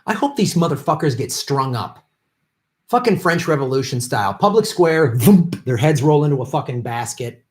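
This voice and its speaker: A man's voice: a little high, very animated, moderate pace. A man hosting a political livestream, ranting angrily and profanely at politicians in an unscripted commentary. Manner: profane, shouting, bitter ranting.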